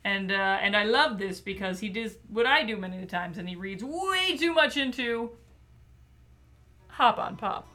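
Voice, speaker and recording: A bright-voiced woman hosting a casual podcast chat, playful and full of fillers. Her pitch sits in an ordinary middle range. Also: expressive, measured pace. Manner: chatty and playful, with many fillers. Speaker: podcast host. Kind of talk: casual chat about children's books.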